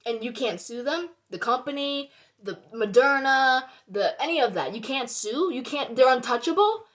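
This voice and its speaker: A young woman with a high voice vents to her viewers in a heated monologue. She swears freely and circles back to the same points. She keeps pressing the audience with rhetorical questions. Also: very animated, moderate pace. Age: young adult. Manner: heated and indignant, swearing, repeating herself. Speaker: vlogger.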